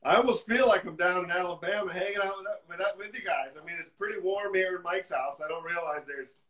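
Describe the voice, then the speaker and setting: A man's voice: high voice, fast. A man co-hosting a live music stream, chatting casually and telling jokes with an easy chuckle. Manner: relaxed joke-telling, chuckling. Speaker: co-host.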